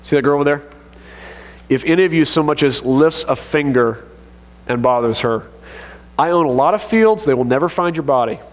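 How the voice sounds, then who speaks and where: Preacher doing a blunt, menacing old landowner, higher voice, long church hall reverb. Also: male voice, moderate pace, pauses often, lightly acted. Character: protective ancient landowner man, gruff and threatening.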